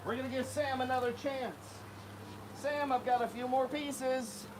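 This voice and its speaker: His voice is very high and his pace a little slow. The alligator keeper and channel host chats casually on camera while feeding gators in a windy outdoor spot, animatedly calling to them in a coaxing voice, with a noisy recording.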